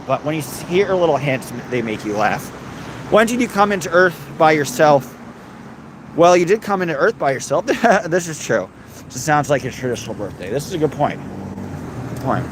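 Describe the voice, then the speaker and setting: A man hosting a loose livestream, reading viewers' comments in a slightly high voice and throwing out crude, mock-threatening jokes. He is outdoors on a noisy recording, with a clear hum of traffic and machinery behind him. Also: lively intonation, moderate pace. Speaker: livestream host.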